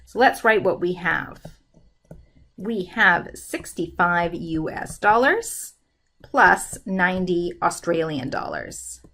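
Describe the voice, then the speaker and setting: A woman teaching a math lesson, working through problems in a steady, step-by-step way at a desk microphone. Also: on the low side. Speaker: math instructor.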